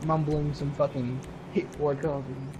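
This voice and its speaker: A teenage boy rambling through a casual, profane story, often mimicking other people in a higher voice. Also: level tone, unhurried, muffled recording, background noise. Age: teens. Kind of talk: casual chat.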